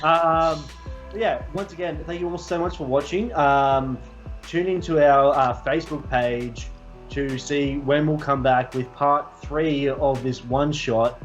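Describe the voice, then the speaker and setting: A man acting as game master, narrating a tabletop game slowly with drawn-out phrasing and fillers. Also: a little high, fairly even intonation, highs cut off, soft background music.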